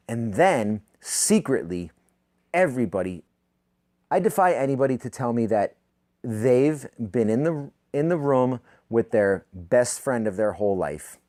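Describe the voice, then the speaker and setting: Man in his thirties, podcast host; sardonic profane rant, mid-pitched, spikes upward when heated, dry booth sound. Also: lively intonation, measured pace, no room sound. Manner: profane, sardonic ranting with sudden loud pitch jumps. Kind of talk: comedic rant monologue.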